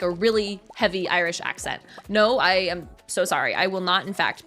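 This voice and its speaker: A woman's voice: medium pitch, a bit bright. A young adult woman streaming a cozy game, chatting casually and telling a story with giggles and self-mocking asides. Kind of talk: casual chat while gaming on stream.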